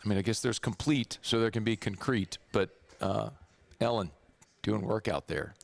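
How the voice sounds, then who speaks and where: A hoarse man with a Southern accent hosting a sports radio show, chatty and rambling. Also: lowish voice, steady tone, moderate pace. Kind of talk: casual sports radio talk. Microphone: studio microphone.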